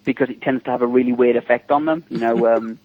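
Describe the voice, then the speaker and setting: A man, a makeup artist telling stories in a lively, chatty way during a radio interview. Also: medium pitch, quick pace. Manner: animated, chatty, frequent fillers, acts out others' voices. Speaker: special effects makeup artist, interview guest. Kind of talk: anecdotal storytelling in a radio interview. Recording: dull lo-fi dry radio recording.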